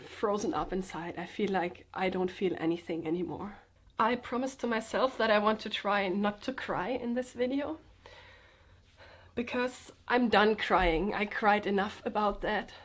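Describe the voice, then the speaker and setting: A sick woman vlogger talking in a subdued, slightly sedated way, halting and restarting as she speaks from the floor at home. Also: medium pitch. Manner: halting, hesitant, with many restarts. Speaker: comedian and vlogger. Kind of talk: personal confessional vlog. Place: indoors, sitting on the floor with pillows.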